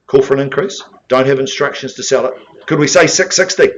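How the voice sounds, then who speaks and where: A man's voice: medium pitch, brisk, lo-fi sound. A man with a New Zealand accent calling a live property auction, coaxing bidders with jokes between bid calls.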